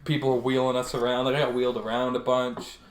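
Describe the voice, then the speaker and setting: A man's voice: medium pitch, completely flat delivery, fast, slight background noise. A young man co-hosting a podcast, telling a story in casual chat, swearing often and laughing as he goes. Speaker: podcast co-host. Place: a house. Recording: echoey room.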